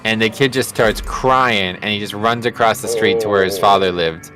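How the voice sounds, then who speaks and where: A man's voice: fairly low pitch, steady tone, moderate pace, pushed and bright, faint music behind. A man livestreaming a game, chatting casually and rambling through a story with frequent swearing and fillers. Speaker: livestreaming gamer. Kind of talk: casual storytelling chat while gaming.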